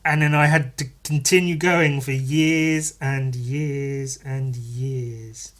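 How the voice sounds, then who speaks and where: A man's voice: mid-range voice, steady tone, takes it slowly, fairly bright tone. English guy doing a solo podcast, swears a lot, sarcastic, wanders off on tangents. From England. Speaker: podcast host. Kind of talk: casual solo podcast rambling.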